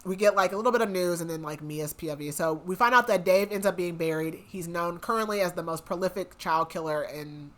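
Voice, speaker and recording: Briskly and with few pauses, a young woman whose somewhat low voice has a fairly bright tone runs through a book podcast story recap. It's casual and rambling, heavy on "like" and "um," with her voicing the characters' lines.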